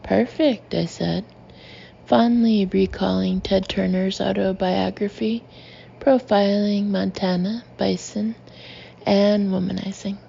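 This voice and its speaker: A woman reads her memoir with wry, deadpan humor in a slow, gravelly voice. Her tone is mellow and warm. The recording sounds a little dull, with a faint hiss underneath. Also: medium pitch. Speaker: memoir narrator. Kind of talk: audiobook memoir narration.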